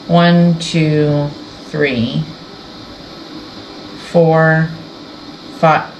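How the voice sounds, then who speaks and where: A woman's voice: low voice, measured pace, long pauses, lo-fi sound. A woman hosting a sewing channel, chatting casually and rambling as she shows her quilting project. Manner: rambling, self-interrupting, chatty. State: tearful, emotional. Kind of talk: casual sewing vlog chat. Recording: echoey room with faint background noise.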